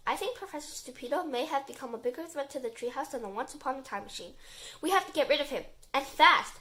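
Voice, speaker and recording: Bright-voiced woman reading a kids' story. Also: high-pitched. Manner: lively storytelling, acted dialogue. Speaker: reader of children's books. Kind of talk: reading a children's chapter book aloud.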